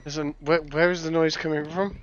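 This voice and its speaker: A man's voice: on the high side, little pitch movement, fairly quick, muffled recording, a little hiss or hum. A man chatting casually while he plays a game, giving joking, muttered commentary as he goes. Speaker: gamer playing on stream. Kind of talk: casual gaming chat.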